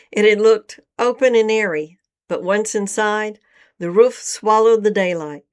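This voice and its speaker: A woman storyteller narrating a scripted story in a calm, measured, descriptive way. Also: medium pitch, clean tone.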